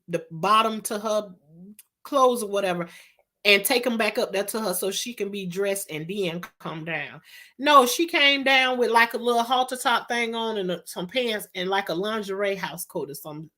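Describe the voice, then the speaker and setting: A woman's voice: medium pitch, fairly bright tone. A middle-aged woman, telling a storytime vlog in an emphatic, exasperated way. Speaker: vlogger.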